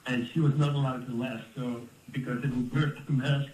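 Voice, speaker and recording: Dutch man, fifties, storytelling guest, lively, heard from a distance in a roomy space, faint ambience. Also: medium pitch, normal speed, a little hiss or hum. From Netherlands. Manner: animated, laughs often, restarts words. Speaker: interview guest, former fighter. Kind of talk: casual storytelling interview.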